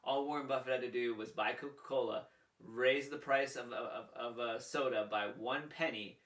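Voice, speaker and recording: Energetic man in a roomy echo. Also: mid-range voice, moderate pace, recorded from a distance. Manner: energetic, repeats "all right" and "he's like". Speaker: business coach and video host. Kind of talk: casual storytelling to camera.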